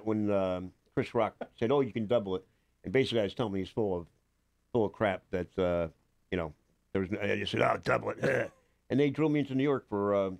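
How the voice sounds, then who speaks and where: A man's voice: lowish voice, darkish tone, no room sound. An older man, a guest actor on a radio show, telling rambling stories in casual talk, with many fillers and restarts. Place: radio studio.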